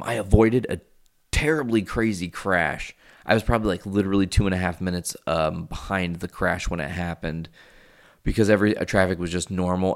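A man's voice: deep voice, vocal fry. A man in his thirties telling a rambling, profane personal story to his viewers in a casual vlog. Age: 30s. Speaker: vlogger.

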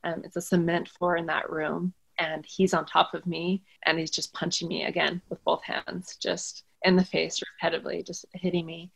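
Young woman guest, lowish fry-tinged voice, tense vivid retelling. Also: flat delivery, normal speed, hardly any pauses, a bit bright, low-quality recording. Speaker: guest recounting an attack. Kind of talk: conversational personal story.

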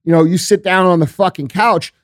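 A blunt, intense man who swears freely and drives hard at his points. His voice sits a little high, and the sound is close and dry with no room around it. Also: steady tone, fairly quick, no echo. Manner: blunt, profane, motivational; emphatic and intense. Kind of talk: casual chat.

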